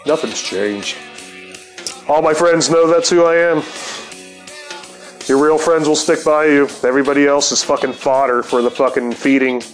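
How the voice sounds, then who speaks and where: A man in his fifties spins a loose, profanity-laced yarn in a relaxed, unhurried way, peppering it with "man" and "dude". Guitar music plays clearly behind him. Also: fairly high pitch, low-quality recording. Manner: profane, laid-back, heavy swearing with fillers like "man" and "dude". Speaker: storyteller. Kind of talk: rambling personal storytelling. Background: guitar music playing.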